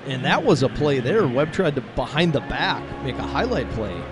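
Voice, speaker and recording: A man giving measured, analytical color commentary on a baseball game. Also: medium pitch, sing-song, over music.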